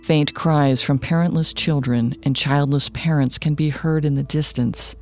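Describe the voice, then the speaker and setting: A man narrating a scripted true-crime story in a measured, matter-of-fact way. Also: on the high side, steady tone. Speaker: podcast narrator.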